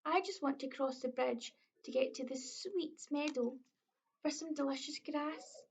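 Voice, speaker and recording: A woman's voice: high voice, unhurried, creaky. A woman with a Scottish accent voicing the smallest billy goat, timid and hungry, in a tiny pleading voice. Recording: dull lo-fi recording.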